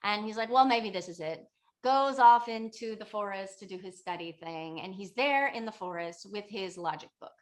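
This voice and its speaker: A woman's voice: medium pitch, normal speed, hardly any pauses. A meditation teacher, a woman, casually retelling a teaching story with loose, chatty phrasing. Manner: chatty, loose, many fillers like "like" and "you know".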